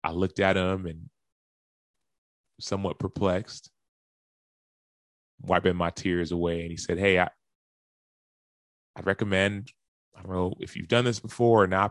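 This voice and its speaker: A man's voice: sits low, fairly even intonation, unhurried, long pauses, fairly bright tone, no echo. A man, a professional athlete, earnestly telling a personal story in a speech and acting out the lines and gasps of the people in it.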